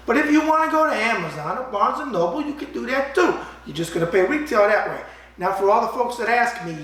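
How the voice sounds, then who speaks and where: A raspy-voiced man with a New York accent hosting a show, bantering in a brash wise-guy way. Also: sits high, fairly bright tone. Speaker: host. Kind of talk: casual call-in talk show.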